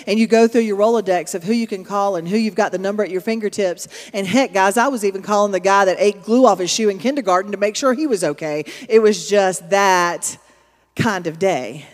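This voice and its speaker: A woman's voice: medium pitch, fairly quick. A woman pastor, preaching a sermon in a storytelling, conversational way with emphatic asides to her congregation. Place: church auditorium. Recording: long reverb of a large hall.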